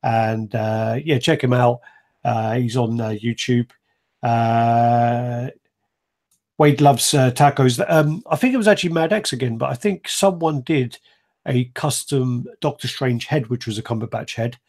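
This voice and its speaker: A man hosts a loose live stream chat at a middling pitch, wandering from one story to the next. He swears freely and laughs often, never sounding scripted. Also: measured pace, a little mellow.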